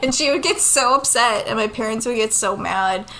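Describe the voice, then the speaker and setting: Blunt woman cohost, laughs a ton, kinda high bright voice. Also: normal speed, poor audio. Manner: laughs often, blunt and swears freely. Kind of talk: casual chat.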